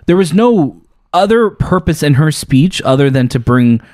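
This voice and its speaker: Male co-host, higher-pitched, dry close sound, casual chat, blunt and emphatic. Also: animated, normal speed, darkish tone, dry recording.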